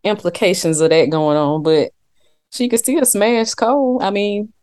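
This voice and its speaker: A woman's voice: medium pitch, steady tone, unhurried, a little mellow, clear, resonant tone. A woman co-hosting a casual TV recap chat, reacting with frequent laughter and blunt jokes. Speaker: podcast co-host.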